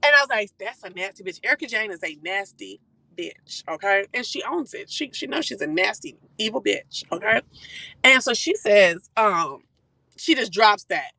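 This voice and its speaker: A live-stream host dishes gossip from behind the wheel, talking quickly and swearing freely. The voice is bright and forceful, with an animated, chatty delivery. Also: mid-range voice, creaky, dry recording, low-quality recording. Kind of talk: casual gossip recap. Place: car while driving.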